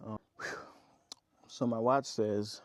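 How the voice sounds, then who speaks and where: A man's voice: on the low side, steady tone, takes it slowly, no echo. A man vlogging from his off-grid homestead, rambling casually to his viewers and worn out from digging. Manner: rambling, talkative, addresses viewers as y'all. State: tired after digging.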